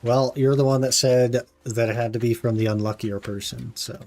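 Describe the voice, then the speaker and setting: A man's voice: mid-range voice, level tone, moderate pace, darkish tone. A young man streaming a game, chatting casually and laid-back with his viewers, often calling them "man". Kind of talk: casual live-stream chat while gaming.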